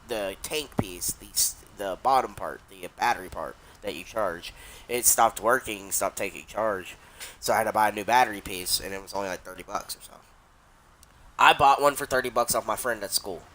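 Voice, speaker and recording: A man's voice: mid-range voice, sharp tone. A young adult man casually telling a long story while he streams a game, rambling and swearing, with many restarts.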